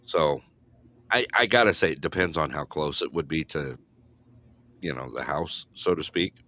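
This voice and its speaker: A man's voice: rumbling low, normal speed, bright, forceful tone. A man co-hosting a show in rambling, jokey casual chat while camping in remote Alaska. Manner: rambling, jokey, laughs often. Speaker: co-host.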